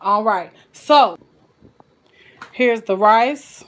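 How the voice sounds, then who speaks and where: A woman's voice: a little high, drawn-out words. Chatty woman cooking live. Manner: folksy and chatty, full of endearments. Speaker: vlogger cooking on a live stream. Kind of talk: casual live-stream cooking chat.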